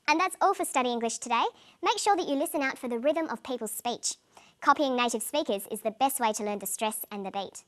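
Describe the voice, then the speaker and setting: In a scripted English lesson, a female teacher with a fairly high voice presents the material. Her delivery is clear, measured and carefully enunciated, with each word pronounced for the benefit of learners.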